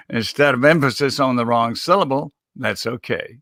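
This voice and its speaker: Male communication consultant, bright and instructive, dry close sound. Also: mid-range voice, animated, dry recording. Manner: measured, instructive, chuckles while making points. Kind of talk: live show interview.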